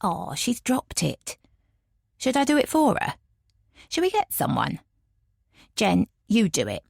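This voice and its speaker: A woman reading the part of a kindly, bumbling middle-aged man who mumbles gently. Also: high-pitched, wildly swooping pitch, slow pace, creaky, breathy edge, no echo, clean studio sound, full character voice. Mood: concerned.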